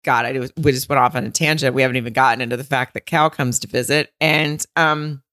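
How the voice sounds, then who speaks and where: Low-voiced woman podcast co-host, animated. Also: fast talker, dry recording, clean studio sound. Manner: animated, swearing, exclaiming. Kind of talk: casual recap chat.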